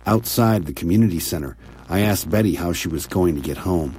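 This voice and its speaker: A man narrating an audiobook story in a quiet, measured, intimate way. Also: low voice, husky. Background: soft music.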